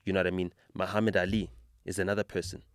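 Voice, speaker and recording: Very fast and deep-voiced, a South African podcast host tells stories with conviction, becoming increasingly animated in casual conversation. The recording is dry, with clean studio sound.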